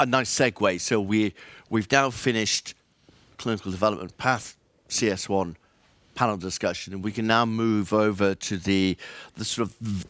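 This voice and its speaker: A man's voice: lowish voice, a bit bright, dry recording. A man moderating a panel discussion, asking questions with many fillers. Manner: hedging, filler-heavy questions.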